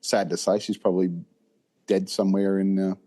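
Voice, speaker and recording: A man, a podcast co-host talking in a relaxed, rambling way with lots of fillers. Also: deep voice, fairly quick. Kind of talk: casual chat.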